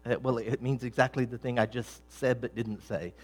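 A middle-aged man preaching a sermon, talking conversationally with many restarts and repeated words, building to emphatic, louder peaks. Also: mid-range voice, steady tone, moderate pace, husky. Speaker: pastor.

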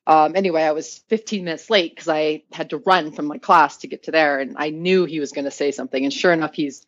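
A woman's voice: low voice, fast talker. Woman telling a story with a lot of swearing. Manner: animated, swears freely, laughs often. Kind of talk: casual storytelling. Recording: dull, dry sound.

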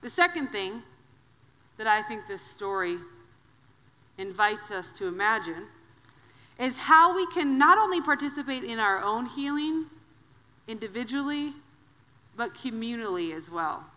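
Bright-voiced woman preaching in a reverberant hall. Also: on the high side, unhurried, pauses often. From Wisconsin. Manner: conversational, animated storytelling. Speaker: guest preacher. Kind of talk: sermon with personal storytelling. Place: church sanctuary.

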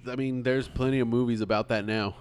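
A man co-hosting a casual movie podcast, talking in an animated, jokey way and slipping into mock voices. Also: mid-range voice, fast talker, smooth. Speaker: podcast co-host.

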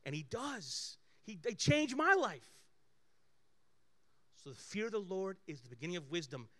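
Here a male pastor preaches in a chatty, story-driven way, his voice placed high and moving at normal speed. He swings lively from booming moments to whispered asides.

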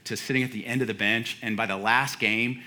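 A pastor in his forties tells a personal story during a sermon, his mid-range voice steady yet sharp and fairly quick. He's casual and chatty, laughing at himself and restarting sentences.

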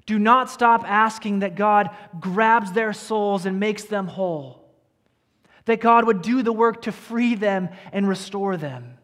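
High-voiced preacher in a reverberant hall. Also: male voice. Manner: earnest preacher, dropping to a hush at key lines. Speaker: pastor. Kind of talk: sermon. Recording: church hall with long reverb.

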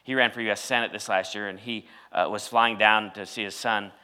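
Male pastor, very bright voice, sermon storytelling with loud emphatic peaks. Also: on the low side, steady tone, fairly quick, clean tone.

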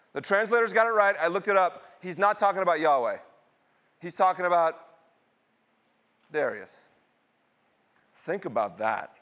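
A middle-aged male pastor preaching with a slightly high voice. He throws questions out to the congregation and answers them himself. He swings from loud, excited bursts down to low, hushed asides. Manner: call-and-response questions, dramatic swings in pitch and loudness. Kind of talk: sermon.

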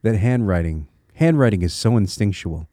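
Guy with a low mellow voice doing a solo podcast, earnest and encouraging, restarts a bit as he thinks, dry close sound. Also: expressive, moderate pace, dry recording. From Connecticut, USA. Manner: thinks aloud with small restarts. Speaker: podcast host.

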